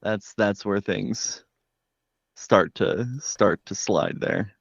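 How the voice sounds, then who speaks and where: A man's voice: fairly low pitch, gravelly, dry recording. Dry-sounding, joking male co-host. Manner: jokey, chatty, quick to riff. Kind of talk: casual livestream banter. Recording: dry, slightly dull mic sound.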